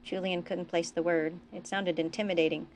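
Author-narrator, woman, steady storybook reading, low register. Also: normal speed, a little hiss or hum. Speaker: author reading her fiction. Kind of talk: reading a novella aloud.

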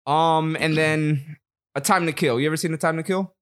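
A man telling stories in casual podcast chat, relaxed, with trailing pauses and fillers. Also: a little high, smooth. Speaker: podcast co-host.

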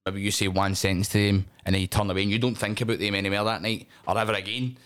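A middle-aged Scottish man with a slightly low voice, chatting on a podcast. He tells animated stories, swears freely and often breaks into laughter. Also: racing. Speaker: wrestling promotion owner, guest. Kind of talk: casual podcast chat.

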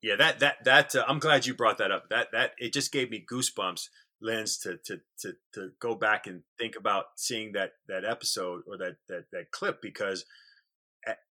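A man speaks in a low voice with a very bright, forceful tone. He retells a story earnestly to his co-host in casual talk, and he often stumbles and repeats words. His voice is dry and close. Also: moderate pace. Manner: earnest, repeats words when starting sentences. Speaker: podcast co-host.

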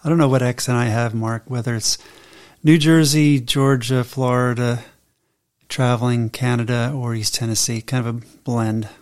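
A man co-hosting a faith podcast, calm and measured, reading and explaining scripture steadily. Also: medium pitch. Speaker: podcast co-host and Bible teacher. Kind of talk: casual faith podcast chat.

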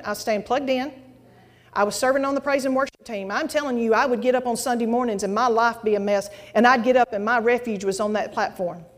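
A woman preaching a testimony sermon to a congregation, folksy and animated, with exclamations and asides. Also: on the high side. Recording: long hall reverb.

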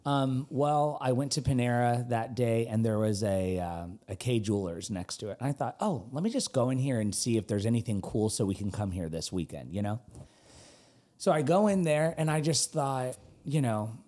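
A man from North Carolina co-hosting a podcast, chatting casually and telling stories with quick asides. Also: medium pitch. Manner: animated storyteller, quick asides. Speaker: podcast co-host. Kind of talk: casual chat.

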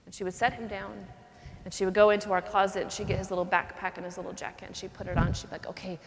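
Woman, religious sister, earnest and animated speaker, mid pitch, long reverb of a hall. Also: very fast, gravelly, slight background noise. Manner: earnest, animated storyteller who drops to a soft voice for tender moments. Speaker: religious sister giving a talk. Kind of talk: preaching talk with personal story.

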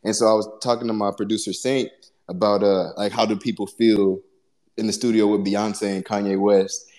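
A man, a guest musician, talking casually about his music in a reflective, halting way. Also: on the low side, flat delivery, darkish tone. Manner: reflective, halting, searching for words. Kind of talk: casual conversation.

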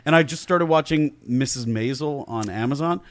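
A man's voice: mid-range voice, moderate pace, no room sound. A man who is a comedian guest on a podcast, making wry, sarcastic and self-pitying jokes. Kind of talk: casual comedy podcast banter.

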